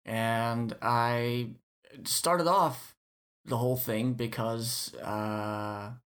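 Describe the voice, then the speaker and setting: A man from the Netherlands, a guest on a casual podcast, talking playfully with halting restarts and slipping in and out of put-on accents. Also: mid-range voice, steady tone, a bit bright. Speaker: guest, Let's Player.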